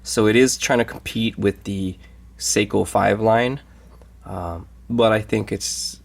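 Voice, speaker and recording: Low, gravelly-voiced guy reviewing watches. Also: fairly even intonation. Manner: easygoing, halting with many fillers. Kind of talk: casual review vlog.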